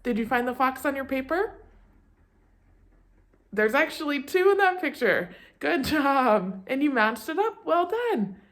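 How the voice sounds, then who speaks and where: A woman's voice: high voice, big pitch swings, a little slow, fairly bright tone. A young woman preschool teacher talking to small children and reading a picture book aloud in an encouraging, sing-song way.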